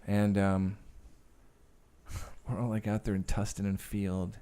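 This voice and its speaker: A man with a somewhat low voice tells stories as a podcast guest. His speech is casual and profane, and it wanders with plenty of fillers and restarts. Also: level tone, slow, dark tone, clean tone. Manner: profane, rambling, many fillers. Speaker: guest actor and director. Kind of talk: casual interview storytelling.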